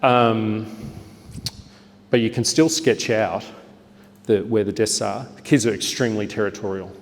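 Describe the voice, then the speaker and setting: An Australian man giving a lively workshop talk to teachers, acting out classroom lines with a bigger, brighter voice. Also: on the low side, unhurried, big-room sound. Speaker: teacher trainer.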